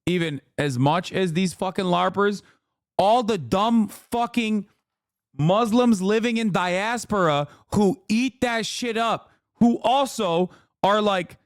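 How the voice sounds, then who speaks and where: Angry high-voiced man ranting profanely. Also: clean tone, no room sound, studio quality. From Turkey. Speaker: streamer reacting to a video. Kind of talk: profane heated commentary.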